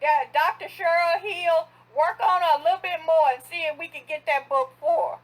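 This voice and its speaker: A woman's voice: very high-pitched, steady tone, normal speed, rough recording. A woman hosting a radio interview show, friendly and laughing easily.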